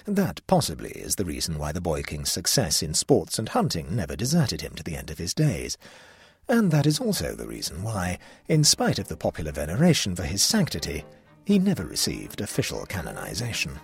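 A male narrator reading a classic tale with a very animated, swinging delivery. His voice sits low and has a strongly husky texture. It is recorded close and dry, with no room sound. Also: a little fast, dry recording, soft background music. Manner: expressive, storytelling delivery. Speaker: audiobook narrator. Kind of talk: scripted narration.

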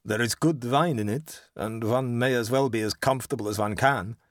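A man's voice: mid-range voice, normal speed, no echo, clean studio sound, lightly acted. A man voicing a proud, fierce landowner who answers his enemy in a stern, clipped way.

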